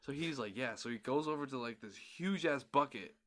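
Man, bright voice, casual podcast storytelling, profane, animated, acts out quotes. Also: mid-range voice, a little fast. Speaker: podcast co-host.

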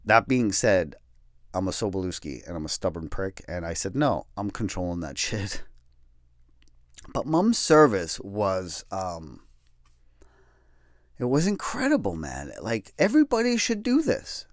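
A middle-aged man telling a personal story in a candid, wry and self-deprecating way, swearing casually and finding dark humor in grief. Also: on the low side, sing-song, unhurried, dry recording, clean studio sound. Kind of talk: personal storytelling, darkly comic.

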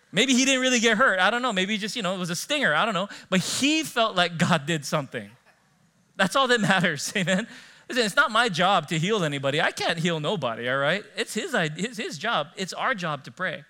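Male pastor, sermon, animated storytelling, fairly high voice, rapid delivery. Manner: animated storytelling, acting out dialogue, frequent laughs. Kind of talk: sermon with personal stories.

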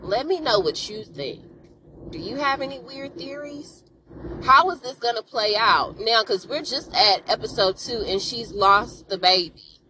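A woman's voice: a little high, lively intonation, measured pace, background noise. A woman hosting a podcast, recapping a TV episode in a chatty, sassy way and talking straight to her listeners. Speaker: podcast host.

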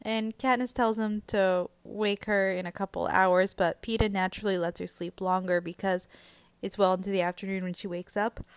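Smooth-voiced woman chatting about a book. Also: mid-range voice, fairly even intonation, normal speed, no room sound. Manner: chatty, conversational, frequent "uh" and "like". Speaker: book podcast host. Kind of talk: casual book recap podcast.

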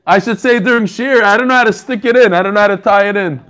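High, fast, a bit bright and smooth, the voice belongs to a man running an online learning group on a video call. He banters casually with the members, joking and welcoming people by name.

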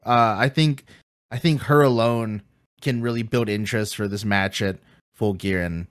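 A man's voice: on the low side, steady tone, normal speed, smooth, dry recording, studio quality. A man co-hosting a podcast, recapping matches casually with lots of fillers and easy laughter. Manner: laughs easily, many fillers. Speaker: podcast co-host.

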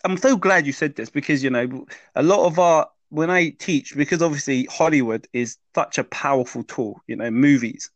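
This mindset teacher, speaking in an interview, walks through the idea of the inner voice with patient explanation and frequent check-ins like "yeah?" and "does that make sense?" He talks at a moderate pace in a fairly high voice, barely pausing. The audio is dry and muffled.

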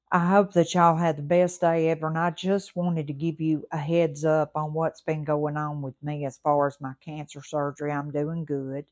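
A woman from the Mississippi Gulf Coast with a Southern accent, hosting a motivational podcast in a warm, folksy, repetitive way while recovering and a little short of breath. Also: deep voice. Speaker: podcast host. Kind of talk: encouraging motivational podcast talk.

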